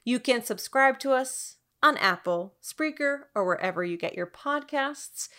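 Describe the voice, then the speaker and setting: Bright, slightly high woman host; casual, playful podcast outro. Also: animated, measured pace. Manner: chatty, laughing, playful.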